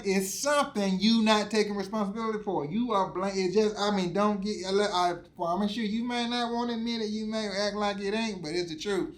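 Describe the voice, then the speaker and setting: A man giving a motivational teaching talk, preachy and emphatic with lots of repetition. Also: high-pitched. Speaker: insurance exam coach.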